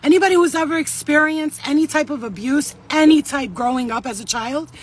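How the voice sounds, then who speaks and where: A woman's voice: sits high, brisk. A woman in her thirties, sweaty and shaken, giving an urgent, blunt and profane talk to camera as a vlogger.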